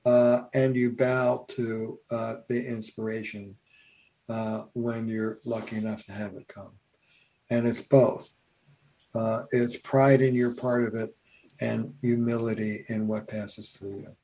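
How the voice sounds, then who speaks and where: A man's voice: mid-range voice, little pitch movement, dark tone. A man who is a family therapist, speaking as a guest in a reflective conversation with frequent hesitations. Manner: many halting fillers and restarts.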